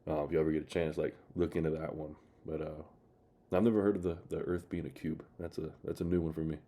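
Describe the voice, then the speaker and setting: A man's voice: a bass voice, flat delivery, fast talker, mellow. A man hosting his channel, rambling in casual commentary with many fillers. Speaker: channel host reacting to clips.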